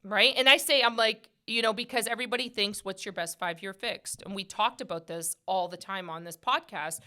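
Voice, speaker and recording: A middle-aged woman hosting a podcast in casual chat, animated and quick to laugh, acting out quoted conversations. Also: medium pitch. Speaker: podcast host.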